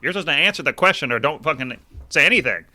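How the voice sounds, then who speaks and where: A man's voice: on the high side, rapid-fire, no room sound. A man co-hosting a casual book-club podcast, ranting with lots of swearing. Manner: animated, profane ranting. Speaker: podcast co-host.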